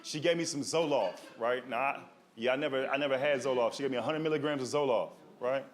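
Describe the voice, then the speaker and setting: A man's voice: medium pitch, fast. A male stand-up comedian telling rambling stories in a streetwise way on stage, with a handheld mic. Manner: streetwise, rambling, asks the crowd "you know what I mean". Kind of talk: stand-up storytelling. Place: comedy stage before a live audience. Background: audience laughter.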